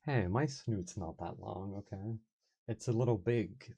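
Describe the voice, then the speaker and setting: A man's voice: on the low side, a little slow, creaky, dark tone, slight background noise. A man chatting playfully as an ASMR streamer, reacting to his audience with frequent laughs. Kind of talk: casual ASMR stream chat.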